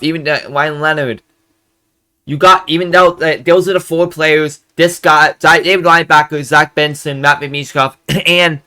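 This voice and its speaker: A man's voice: a little high, sharp tone, smooth. A young man hosting a hockey fan channel, ranting angrily and profanely about a draft pick, repeating himself. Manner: frustrated, profane, repetitive. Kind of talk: angry fan rant.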